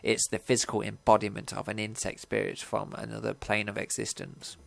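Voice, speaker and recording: A flamboyant painted elf from a game, as a man voices him, lecturing with theatrical flair. The voice is low and gravelly. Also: monotone, a little fast.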